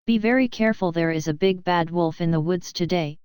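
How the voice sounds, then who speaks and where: Caring, cautious storybook mom, read by a woman, clear voice. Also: lowish voice, brisk, darkish tone, no echo, clean studio sound, close to an everyday voice. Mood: cautioning.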